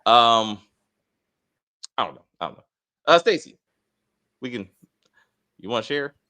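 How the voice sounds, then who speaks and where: A middle-aged man hosting a casual TV review chat, rambling, swearing and talking in an animated way. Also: mid-range voice, unhurried, smooth. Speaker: TV review host.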